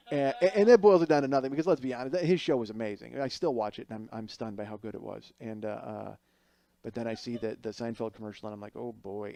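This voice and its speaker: Speaking a little fast in a steady, dark, mid-range voice with vocal fry, this Chicago-area podcast host riffs through a meandering, sarcastic monologue full of restarts and side comments. There's no room sound at all.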